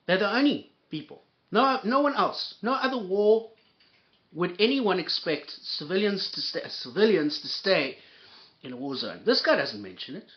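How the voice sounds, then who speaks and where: A man hosts a reaction commentary in a fairly high voice that leaps up and down. He sounds heated and sarcastic and swears freely. The sound is dull and lo-fi. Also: big pitch swings, normal speed. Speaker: commentary host.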